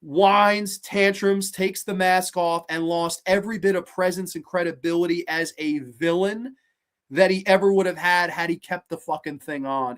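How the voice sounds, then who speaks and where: Woman host going off on movies, lots of swearing, sarcastic and animated. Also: fairly low pitch. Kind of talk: casual ranting film review.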